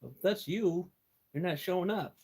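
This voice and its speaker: A man's voice: high-pitched, expressive, moderate pace, darkish tone, a little hiss or hum. An older American man hosting a casual live stream from his workshop, chatting with viewers in a folksy way and chuckling as he answers their messages. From United States. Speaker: livestream host.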